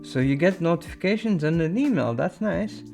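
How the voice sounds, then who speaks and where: A man's voice: on the high side, expressive, moderate pace, gravelly, darkish tone, soft background music. A man hosting a casual show, reading viewer emails aloud and adding playful asides. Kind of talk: casual chat.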